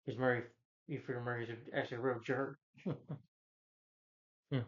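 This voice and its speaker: A man talks through a film's story in a loose, rambling way, piling on fillers and starting sentences over. His voice sits at a middling pitch. The recording sounds a little muffled and dull. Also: little pitch movement, moderate pace. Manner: rambling, filler-heavy retelling with frequent restarts. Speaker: film reviewer. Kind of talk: casual spoken film recap.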